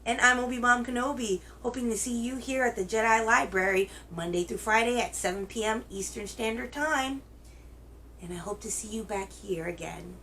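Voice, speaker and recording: A woman hosting a children's reading show, telling a picture book aloud in a gentle, expressive way. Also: on the high side, moderate pace, slight background noise, rough recording. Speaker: children's story reader, host.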